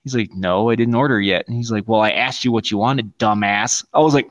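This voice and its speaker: A man's voice: lowish voice, brisk. Guy on a podcast telling a wild restaurant story, cussing a lot, doing all the voices. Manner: profane, animated storyteller acting out quotes. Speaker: podcast co-host. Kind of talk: casual chat.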